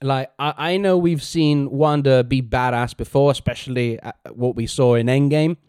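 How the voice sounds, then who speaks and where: Recorded with dry, clean studio sound, a medium-pitched, slightly mellow man with a clean tone speaks at a moderate pace. Co-hosting a laid-back podcast, he recaps a TV episode and performs characters' lines with animation.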